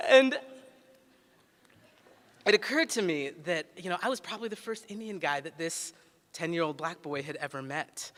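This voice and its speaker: A man's voice: fairly high pitch, fairly bright tone. A man in his forties, a pediatrician and city health director, giving a ceremony speech full of personal stories in a conversational, humorous way with frequent "uh" fillers. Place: large ceremony hall. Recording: echoey hall reverb.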